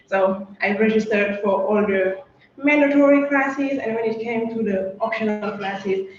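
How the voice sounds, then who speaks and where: Young woman from Senegal, storyteller, lively delivery, very echoey room, dull lo-fi sound, faint noise behind. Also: a little high, a little slow. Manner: lively, acts out quoted voices and sings short snippets. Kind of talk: personal storytelling performance.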